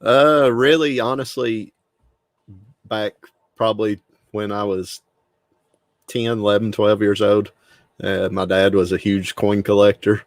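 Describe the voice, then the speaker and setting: A man's voice: lowish voice, fairly even intonation, measured pace, pauses often, no echo. A middle-aged man from Tennessee with a Southern accent, telling easygoing stories as a guest on a live show. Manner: easygoing storyteller who laughs a lot. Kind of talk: casual interview talk.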